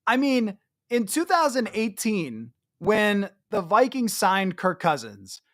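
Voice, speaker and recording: A man's voice: high voice, fairly bright tone. A man hosting a solo sports podcast, giving chatty, emphatic commentary with self-mocking asides. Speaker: podcast host.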